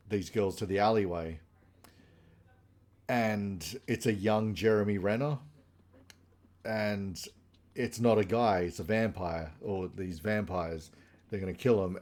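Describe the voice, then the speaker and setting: A man's voice: lowish voice, darkish tone. A man on a casual podcast chat, retelling TV episodes in a loose, rambling way full of fillers and restarts. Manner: rambling plot recap with many fillers. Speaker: podcast co-host.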